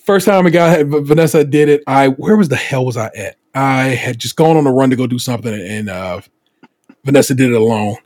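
A man hosting a casual podcast, telling stories in an animated way with swearing and acted quotes. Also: medium pitch, fairly quick, no room sound, studio quality. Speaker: podcast host.

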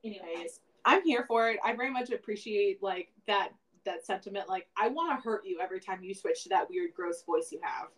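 A woman's voice: mid-range voice, a little fast, few pauses, rough recording. A woman co-hosting a podcast in casual chat, rambling and reflective, with many "like" fillers. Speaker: podcast co-host.

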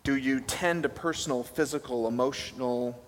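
A man's voice: mid-range voice, moderate pace. Man, young pastor, casual sermon, long hall reverb, faint room noise. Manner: conversational, self-deprecating, asks the listeners questions.

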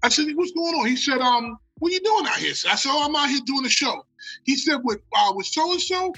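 Animated, profane American man telling a story. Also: very high voice, a little fast, low-quality recording. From United States. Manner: animated, profane, acts out quotes. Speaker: guest storyteller. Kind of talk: casual storytelling.

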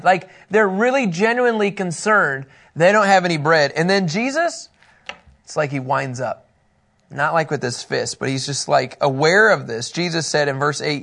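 A man teaching a Bible lesson in a room, animated and joking, acting out little scenes and talking with people in the room. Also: sits high, a little fast, creaky.

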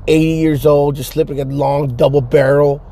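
A man's voice: fairly high pitch, flat delivery, moderate pace, gravelly, dark tone. A man rambling through a story from his car, cursing a lot and stumbling over his restarts. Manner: profane, stammering restarts. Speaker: vlogger telling stories. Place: car stuck in traffic. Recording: road noise from traffic.

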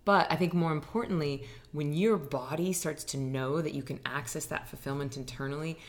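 A woman with a low voice speaks as a guest on an interview podcast, explaining meditation. She tells stories with animated quoted voices, in a relaxed, chatty way. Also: normal speed, slight background noise. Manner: animated storyteller who acts out quotes. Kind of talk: casual interview chat. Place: dining room.

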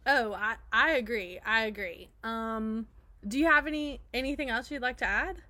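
A woman joining in on a casual made-up story, playful and quick to laugh. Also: on the high side, pushed and bright, no echo.

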